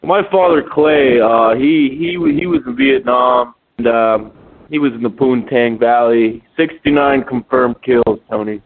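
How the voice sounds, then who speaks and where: A man calling into a radio show, halting and rambling with many fillers. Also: medium pitch. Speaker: caller. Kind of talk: prank call to a radio show. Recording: tinny phone line.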